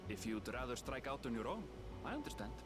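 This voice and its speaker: Courteous young male adventurer, measured and thoughtful, lively intonation. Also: medium pitch, close to an everyday voice. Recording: game audio with loud background music.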